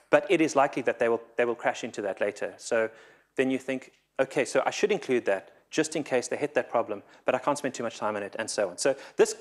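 A man giving a conference talk, nervous, often stumbling and repeating his words. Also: mid-range voice. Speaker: conference speaker. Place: conference hall.

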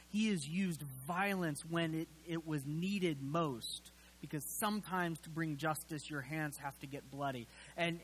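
A male pastor giving a sermon in a relaxed, conversational way, with many fillers and wry, casual asides. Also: on the high side, rough recording.

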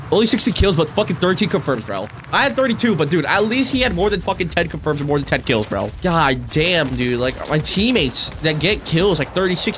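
Young male gamer, slightly high voice, live commentary full of cursing and frustrated outbursts, faint gunfire behind. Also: slight background noise. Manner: profane, excitable, frustrated outbursts. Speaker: gaming streamer.

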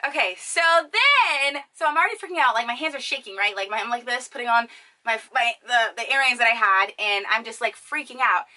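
A young woman vlogger casually telling a story to her viewers, animated and chatty with lots of fillers. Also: fairly high pitch, a little fast, rough recording.

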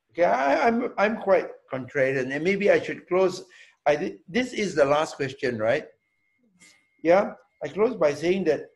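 A hotel owner with a mid-range voice answers students' questions in a Q&A talk. He's deliberate and emphatic, repeating words for emphasis and often checking in with a quick "yeah?"

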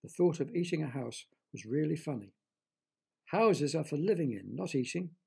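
Raspy gravelly guy reading a kids' story, gentle and expressive. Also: a little high, moderate pace. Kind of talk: children's audio story narration.

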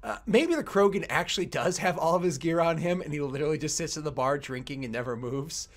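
A man's voice: a little high, quick pace. A man narrating as game master of a tabletop game, loose and rambling with many fillers.

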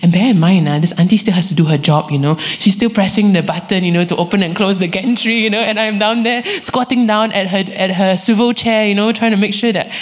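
A woman, preaching a sermon and telling a story with lively quoted voices. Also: mid-range voice, fairly quick, few pauses. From Singapore. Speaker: guest preacher.

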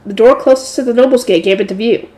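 A woman reading a light novel aloud in a steady narrating voice, adding her own asides. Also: a little high, fast talker. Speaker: audiobook reader.

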